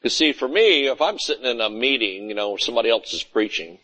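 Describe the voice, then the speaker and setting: A man's voice: medium pitch, lively intonation, quick pace, bright, forceful tone, low-quality recording. A man preaching a conversational sermon, often asking "Amen?" and acting out little scenes of everyday talk. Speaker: pastor.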